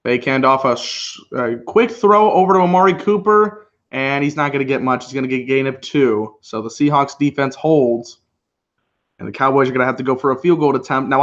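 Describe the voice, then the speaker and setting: A man speaks a little fast in a mid-range voice over lo-fi sound. He's one of the co-hosts of a live football reaction stream, chatting easily, laughing a lot, and calling the plays live.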